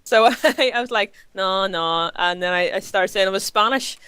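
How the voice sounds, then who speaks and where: Woman guest, smooth clear voice, chatty with restarts, dry recording. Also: mid-range voice, fairly bright tone, no echo. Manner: chatty, halting, laughing. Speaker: streamer guest. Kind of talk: casual podcast interview chat.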